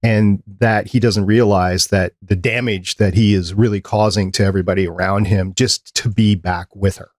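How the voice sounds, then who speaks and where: A man co-hosting a podcast who recaps film scenes in a relaxed, casual way. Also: fairly low pitch, moderate pace, few pauses, no echo, studio quality. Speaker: podcast co-host. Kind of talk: casual chat.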